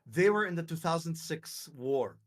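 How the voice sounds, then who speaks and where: Hosting a live call, a young Lebanese streamer chats casually through a story, dramatizing quotes and cursing freely. His voice runs on the high side, animated, at normal speed.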